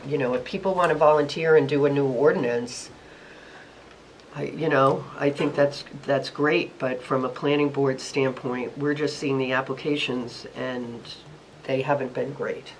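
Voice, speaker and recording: Planning board member weighing in, mid-pitched voice, hesitant with lots of pauses. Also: a little hiss or hum, rough recording. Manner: hesitant, many fillers. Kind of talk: board meeting remarks.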